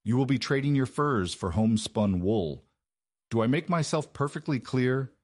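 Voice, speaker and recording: Man doing furious duke, lethally calm, commanding, husky. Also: mid-range voice, normal speed, no echo, studio quality, voice pushed up, lightly acted. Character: formidable, furious young duke.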